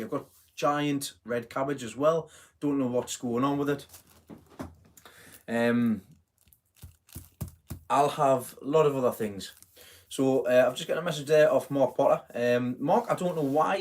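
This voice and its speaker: A middle-aged man hosting a casual live stream, chatting in a rambling way, full of fillers and self-corrections. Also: mid-range voice. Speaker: host of a live gardening stream.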